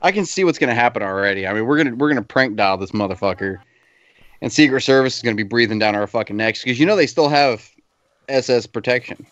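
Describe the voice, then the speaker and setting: A man's voice: medium pitch, fast, a bit bright, dry recording. Man, casual storyteller, swears a lot, dull lo-fi mic, dry sound. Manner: profane, laughing anecdotes. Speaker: podcast co-host, veteran. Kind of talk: casual livestream chat, storytelling.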